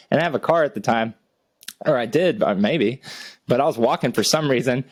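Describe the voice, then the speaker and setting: A man's voice: mid-range voice, fairly quick, dry recording. A young adult man, co-hosting a casual podcast, telling a rambling, profane story and laughing often. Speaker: podcast co-host.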